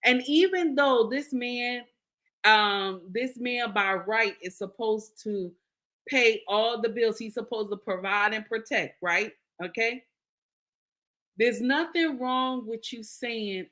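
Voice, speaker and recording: A woman with a fairly high, bright, forceful voice speaks slowly while hosting a live stream and reading viewer comments. Giving casual marriage advice, she repeats her points, checks in with "okay?", and calls listeners "baby."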